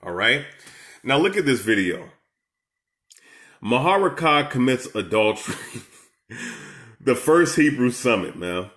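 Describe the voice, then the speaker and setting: A man's voice: medium pitch, very animated, a little slow, pauses often, a bit bright. A man giving heated, profane reaction commentary as an online preacher, confronting and scolding his rivals. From Seattle, USA.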